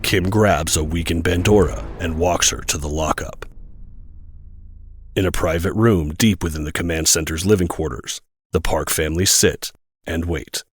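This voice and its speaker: A man narrating an audio drama in a measured, descriptive way. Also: low-pitched, slightly rough. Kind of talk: scripted narration.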